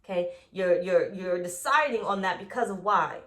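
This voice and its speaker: A woman's voice: on the low side, normal speed, a bit bright. A woman giving a tarot reading, blunt and profane, who drives her points home by repeating them. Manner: acts out quoted voices. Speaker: tarot reader.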